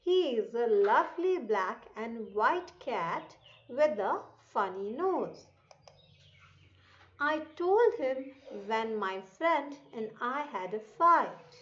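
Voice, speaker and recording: A woman teacher with an Indian accent reads a children's passage aloud, repeating each line. She talks slowly and deliberately, spelling out words and stressing sounds. The voice sits a bit high and the recording is dull and lo-fi. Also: fairly bright tone. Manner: slow, careful pronunciation drills. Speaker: English teacher. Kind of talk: reading lesson for children.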